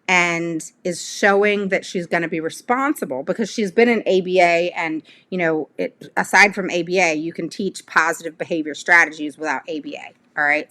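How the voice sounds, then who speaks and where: A middle-aged woman with a bright, forward voice talks parents through advice in a casual, chatty way. She keeps checking in with her listeners, tossing in "all right?" as she goes. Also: on the low side. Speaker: parent advocate.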